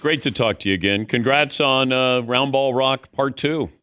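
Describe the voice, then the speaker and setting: A man's voice: mid-range voice, moderate pace, pushed and bright, clear, resonant tone, dry recording, clean studio sound. A man hosting a sports radio talk show, interviewing a guest in an easygoing, joking way. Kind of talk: casual interview.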